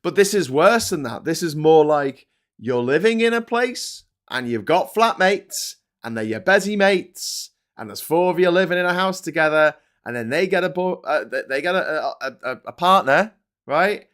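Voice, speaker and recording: Sweary, animated British man. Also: on the high side, normal speed. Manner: animated, sweary, rambling with restarts. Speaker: host of a live commentary show. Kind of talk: casual political commentary.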